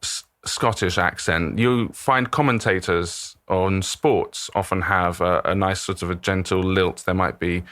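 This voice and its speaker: A man's voice: sits low, steady tone, a little slow, a bit bright, dry recording. A man hosting a podcast, introducing the show and chatting casually with his guest. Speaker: podcast host.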